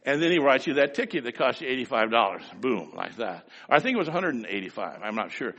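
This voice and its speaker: A bright-toned man preaching in a folksy, storytelling way, his voice swinging up and down as he spins a homespun tale. His words ring out with a long reverb, as if in a large church hall. He turns emphatic when he reads scripture. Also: high voice. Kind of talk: storytelling sermon.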